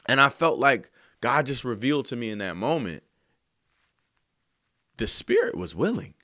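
A man telling an emotional story about writing a song, earnest and slangy, sometimes softly singing lines. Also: medium pitch, very animated, normal speed, no echo, clean studio sound. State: choked up. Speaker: songwriter. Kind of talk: heartfelt spoken testimony.

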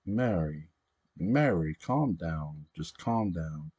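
A man's voice: low voice, lively intonation, takes it slowly, dark tone, highs cut off, full character voice. Man voicing a worried hermit witch mother. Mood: urgent. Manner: soothing but urgent, begging.

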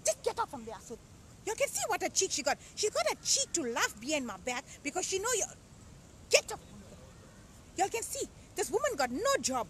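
Comic matriarch host, aunty voiced by a woman; high, animated, rapid, always scolding. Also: a little hiss or hum, full character voice. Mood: bossy, teasing. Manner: chatty, teasing, scolding. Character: loud bossy middle-aged aunty matriarch. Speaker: show host. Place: outdoors at a beach.

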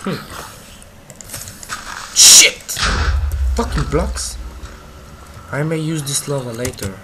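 Excitable young gamer man, slow talk. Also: mid-range voice, noisy background. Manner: excitable, swears often, reacts loudly. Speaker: gamer playing the game. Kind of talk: casual gameplay commentary.

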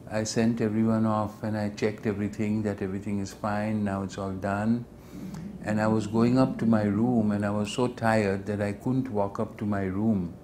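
A man's voice: on the low side, a little mellow, slight background noise. An older man earnestly recounting a personal memory, sometimes acting out what others said with rising intensity. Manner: earnest, acts out quoted speech with rising intensity. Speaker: devotee sharing memories. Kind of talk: reflective storytelling.

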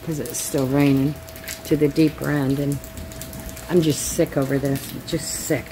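A woman's voice: low-pitched, little pitch movement, unhurried. A woman chatting casually to camera at home, frank and folksy, swearing freely. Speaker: vlogger. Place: home, porch and pool area in rain. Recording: rain noise clearly behind.

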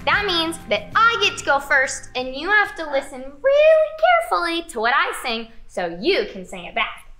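A woman hosting a children's ministry video, speaking to young viewers in an upbeat, sing-song way. Her voice is high, bright and lively. Soft music plays behind her. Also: moderate pace.

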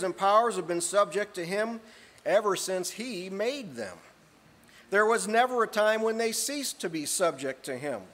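A man preaching an earnest sermon, reading scripture aloud and often clearing his throat. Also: high voice, a bit bright. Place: church hall. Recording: long hall reverb.

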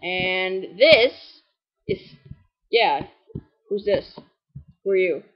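A woman speaks extremely slowly yet in an animated way, her pitch medium, over lo-fi audio. She's giving casual let's-play commentary on a game walkthrough, drifting along sarcastically with plenty of "like" and "anyways."

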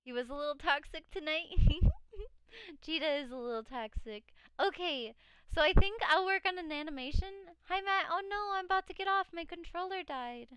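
A tired woman streamer with a high voice, chatting loosely with her viewers and reading out their messages. Her voice cracks now and then. The sound is dry and close, with no room in it. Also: a little fast, sharp tone, no room sound. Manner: chatty, reads chat aloud, frequent laughs. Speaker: live streamer. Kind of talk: casual live-stream chat.

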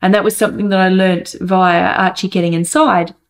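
A woman and mother giving an earnest, thoughtful update on family life, pausing often as she gathers her thoughts. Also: lowish voice, little pitch movement. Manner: earnest, thoughtful, hesitant with many pauses. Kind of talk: reflective personal update.

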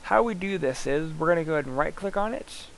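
A man instructor talking casually through a screen-recorded software lab, thinking aloud as he clicks through each step. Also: fairly high pitch, lively intonation, fast, vocal fry, a little hiss or hum, rough recording.

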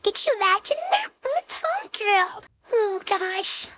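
A woman voicing a tall young wolf girl who keeps hiccupping, speaking in a squeaky, flustered, halting way in an audio role-play. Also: big pitch swings, heavy background noise, full character voice. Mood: frustrated whiny. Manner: flustered, pleading, halting speech. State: hiccupping constantly.

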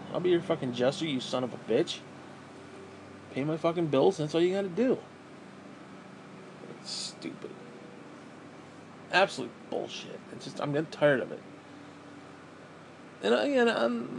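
A man's voice: on the high side, a little hiss or hum. A man venting in a bitter, profane, rambling monologue to camera as a vlogger, often restarting his sentences.

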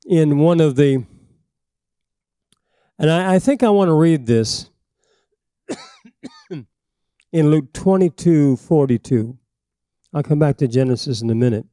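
Older male pastor teaching, coughing now and then, slightly high and very dark voice, dry close sound. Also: animated, slow pace, pauses often, dry recording. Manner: emphatic, rising to forceful peaks then dropping to asides. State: coughing, frog in his throat. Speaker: preacher. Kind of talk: sermon teaching.

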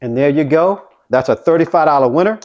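A man vlogging his craps practice, talking viewers through each throw with excitement. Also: on the high side, a little fast, lo-fi sound. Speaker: dice-control craps vlogger. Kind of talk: casual play-by-play while throwing dice.

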